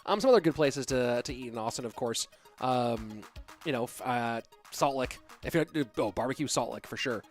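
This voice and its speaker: A man casting an esports match, excitable on big plays and loose and rambling while he chats with viewers. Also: mid-range voice, normal speed, faint music behind. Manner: excitable on big plays, rambling and relaxed when reading chat. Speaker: esports caster. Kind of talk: play-by-play commentary with chat banter.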